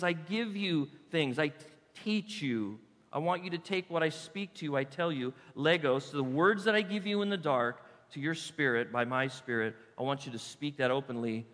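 A man preaching from the pulpit with a high, sharp voice, hammering key points and then easing into quiet asides. His handheld mic carries into a church hall with a long, ringing reverb. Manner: emphatic preaching, drops to soft asides. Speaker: pastor. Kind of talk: sermon. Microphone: handheld microphone.

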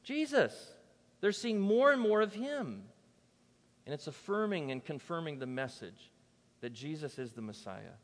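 A male pastor preaching in a voice pitched a little above the usual for a man. He talks emphatically yet conversationally, rising to loud declarations and dropping to hushed asides. The sound carries a long hall reverb. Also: lively intonation, moderate pace. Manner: emphatic and conversational, swinging between loud and soft. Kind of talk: sermon. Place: church.

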